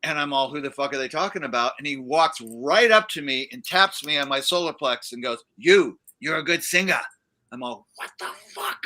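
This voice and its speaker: A man's voice: a little high, expressive, moderate pace, sharp tone. A man, a guest musician, telling a rambling story in casual chat on a livestream, with many fillers and restarts. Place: livestream studio.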